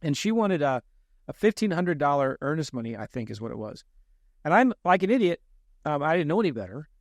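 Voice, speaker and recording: A man with a fairly high voice tells a story on a podcast, mocking his younger self and acting out the other people's lines. The sound is dry and close, with no room echo. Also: brisk. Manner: animated, self-deprecating storyteller who acts out quoted lines. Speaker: real estate investor guest.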